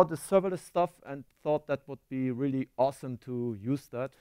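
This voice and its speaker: A man's voice: mid-range voice, normal speed, warm tone, clean tone, dry recording, clean studio sound. German-accented man giving a conference talk. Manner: self-deprecating, quizzes the audience. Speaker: conference speaker. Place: conference hall stage.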